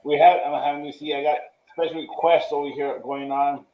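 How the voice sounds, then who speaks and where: A man hosting a casual interview, asking questions and giving shout-outs. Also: fairly high pitch, level tone, fairly quick. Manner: easygoing, asks questions and gives shout-outs. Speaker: host. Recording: roomy echo.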